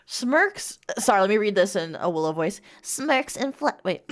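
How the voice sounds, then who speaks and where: A woman's voice: medium pitch, animated, normal speed, soft background music. A young woman streamer reading bad fanfiction aloud in a casual, mocking way, laughing often and swearing freely.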